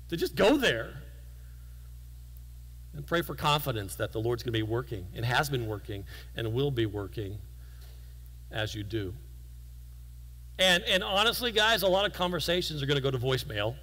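A man giving a guest sermon in a church, telling stories in a relaxed, conversational way with self-deprecating humor. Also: medium pitch, long reverb tail, low-quality recording. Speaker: guest preacher. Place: church sanctuary.

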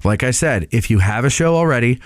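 A man's voice: mid-range voice, expressive, brisk, no echo, clean studio sound. A podcast host giving a casual update on his show, rambling with many filler sounds and restarts.

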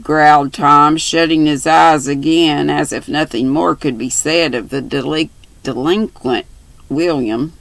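An older woman reading a classic novel aloud in an unhurried, homespun way, sometimes stumbling and rereading. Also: deep voice, fairly even intonation, gravelly, a bit bright, dry recording, rough recording. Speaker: storybook reader.

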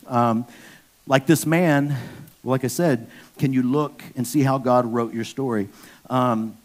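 A mid-range voice carries this sermon by a pastor in his fifties. He tells stories candidly and erupts into loud moments when acting them out.

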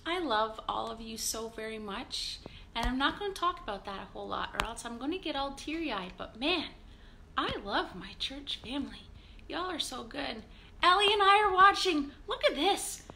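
A woman's voice: high voice, lively intonation, normal speed, gravelly, sharp tone, a little hiss or hum. A woman pastor leading a live-streamed morning devotional, chatty and upbeat as she greets viewers by name.

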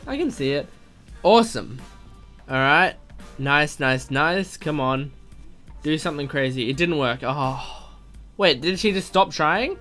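A man reading a text story aloud and reacting excitedly as it unfolds, gasping and exclaiming at every twist. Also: a little high, a little slow, pauses often, faint music behind. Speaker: gaming video host.

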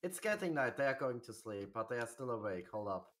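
A man's voice: medium pitch, very animated, fairly quick, fairly bright tone. A man chatting casually while showing a friend around in a game, laid-back and hesitant with many ums. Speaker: fellow gaming YouTuber. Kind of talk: casual gameplay chat.

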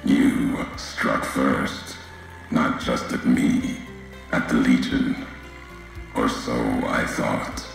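An actor playing a grim, weary wasteland courier in a video game, speaking in a raspy, deep voice with slow, clipped, terse sentences. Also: male voice, flat delivery, heavy reverb, soft background music, heavily acted.

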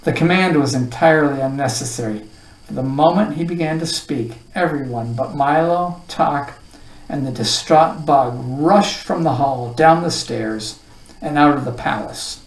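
Children's novel read-aloud, mid pitch, roomy sound, distant mic. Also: a little slow. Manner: expressive read-aloud narration. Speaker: storybook reader. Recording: roomy echo, voice far from the mic.

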